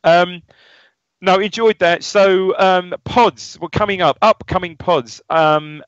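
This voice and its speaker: A man's voice: high voice, fairly even intonation, takes it slowly, a bit bright, clear, resonant tone, no echo. A man co-hosting a casual football podcast, chatty and jokey, often restarting his sentences. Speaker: podcast co-host. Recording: dry, dull lo-fi sound.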